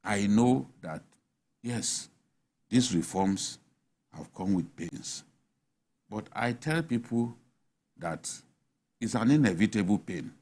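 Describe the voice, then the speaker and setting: A man's voice: fairly low pitch, lively intonation, takes it slowly, long pauses, a little mellow. Emphatic Nigerian man on a panel. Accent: Nigerian English. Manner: emphatic, argumentative, rhetorical questions. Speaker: panel guest. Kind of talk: animated studio panel discussion. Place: TV studio.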